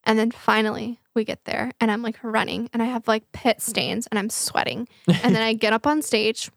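A woman's voice: fairly high pitch, fairly even intonation, moderate pace, vocal fry, no echo, studio quality. A woman hosting a podcast, telling stories in casual chat and swearing freely. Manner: chatty storytelling, swears freely. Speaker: podcast host.

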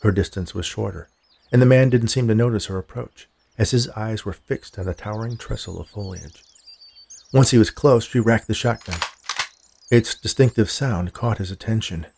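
Male narrator for dark folk horror; gravelly, low, measured.

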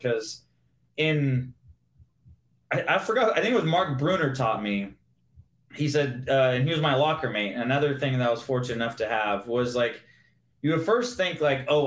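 A man, a former pro football receiver, chatting casually as a guest and acting out old locker-room talks while he explains plays. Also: mid-range voice. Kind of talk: casual sports chat. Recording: roomy echo.

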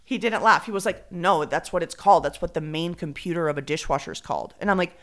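A woman's voice: lowish voice, quick pace. A woman, a podcast co-host telling a story in casual chat, acting out quotes and mixing in Spanish. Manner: animated, acts out quotes, code-switches into Spanish.

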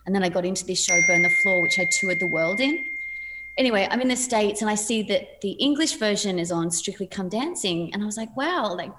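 Casting note: woman, 40s, chatty interview guest, animated storyteller with laughs. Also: medium pitch, brisk, noisy background. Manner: chatty, laughing, lively quoted voices. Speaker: podcast guest.

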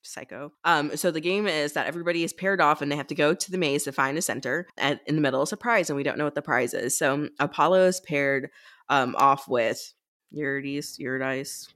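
A woman's voice: low voice, a little fast, fairly bright tone. A woman co-hosting a podcast, leading a casual book-club chat and recapping the plot with quoted lines from the characters.

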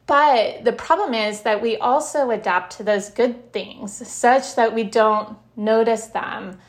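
A middle-aged woman who writes about happiness, talking as an interview guest. She is animated, tells stories with bits of laughter, and says "like" a lot. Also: fairly high pitch, slow. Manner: animated, laughs while telling stories, lots of "like". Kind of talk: conversational interview.

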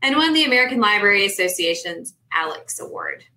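A woman co-host with a bright, clear voice reads out a guest's introduction. She keeps it measured and steady. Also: mid-range voice, rough recording. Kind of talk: reading an introduction.

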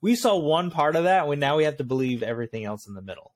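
A man co-hosting a casual movie podcast, musing aloud in a relaxed way. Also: a little high, quick pace. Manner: relaxed, thinking aloud with fillers. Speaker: podcast co-host.

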